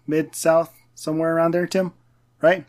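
A man's voice: on the high side, little pitch movement, normal speed, a little mellow. A man from New Mexico hosting a podcast in an easygoing, upbeat way, often repeating words as he talks. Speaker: podcast host.

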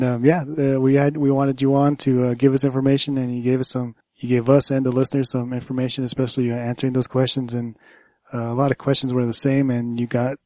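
A man's voice: medium pitch, warm tone, no echo. A man hosting a podcast, wrapping up the episode in a laid-back, repetitive way. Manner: laid-back, repeats "cool, cool". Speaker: podcast host. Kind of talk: casual podcast wrap-up.

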